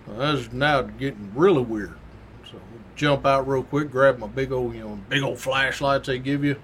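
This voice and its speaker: A man's voice: mid-range voice, normal speed, a bit bright, a little hiss or hum. Folksy man spinning a trooper yarn. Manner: folksy, colorful, down-home slang. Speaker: former state trooper telling a story. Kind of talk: casual anecdotal storytelling.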